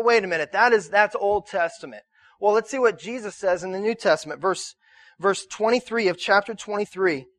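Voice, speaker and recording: Heard in studio quality with no echo, a high-pitched, slightly bright male pastor talks through his sermon conversationally. He keeps asking the congregation to respond and tends to repeat words as he restarts his sentences.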